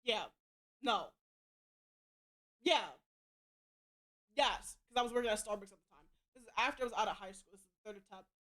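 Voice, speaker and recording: This young woman streamer speaks a little fast in a slightly high, fairly bright voice, with long pauses. Her casual chat is blunt and rambling, heavy on profanity, with frequent restarts.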